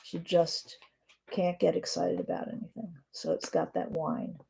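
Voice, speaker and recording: A middle-aged woman teaching writing on a live stream, reading descriptive notes aloud with frequent pauses and fillers. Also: on the low side, flat delivery, creaky, warm tone, breathy edge.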